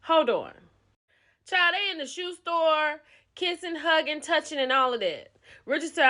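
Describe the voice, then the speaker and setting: Animated chatty woman recapping a show. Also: sits high, measured pace. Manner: chatty, animated storytelling with quoted lines. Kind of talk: casual reality-show recap.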